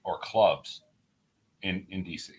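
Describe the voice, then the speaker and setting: Joking New York man, lowish voice. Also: slow pace, darkish tone. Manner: joking, blunt, cursing. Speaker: radio show co-host. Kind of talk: casual chat.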